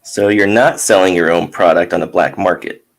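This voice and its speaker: A man's voice: low-pitched, fairly even intonation, normal speed, vocal fry, voice pushed down. A man voicing a pushy male reporter in a comic book read-aloud, asking insistent, probing questions.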